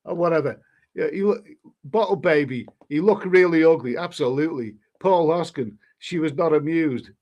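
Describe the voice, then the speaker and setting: A man's voice: fairly high pitch, moderate pace, dull audio. A man hosting a live stream, reading a story aloud in a casual way and breaking off to answer the chat.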